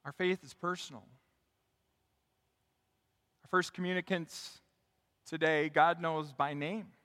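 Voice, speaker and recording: A male pastor preaching a sermon, building to loud, emphatic calls and leading his congregation in call and response. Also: a little high, fairly even intonation, takes it slowly, long reverb tail. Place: church sanctuary.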